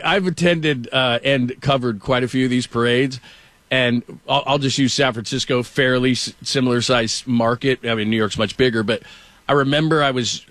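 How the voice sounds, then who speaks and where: A middle-aged man talking sports on a show, in an easy, rambling style and at a middle pitch. He acts out what others said as he tells his stories. The room sounds close and dry. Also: fairly bright tone, dry recording. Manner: rambling storyteller, acts out quotes. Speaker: sports radio host. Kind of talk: casual sports talk.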